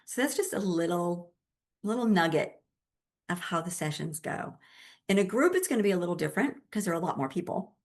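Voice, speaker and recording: A woman grief support specialist answering interview questions in an emphatic, gentle, conversational way. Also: lowish voice, animated, fairly quick.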